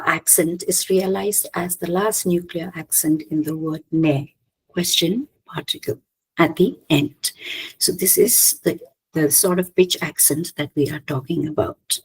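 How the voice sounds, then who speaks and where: Khasi-accented woman doing an academic talk, gravelly low voice, lots of ums and restarts. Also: poor audio. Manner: halting, many fillers and restarts, clears throat often. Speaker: linguistics presenter.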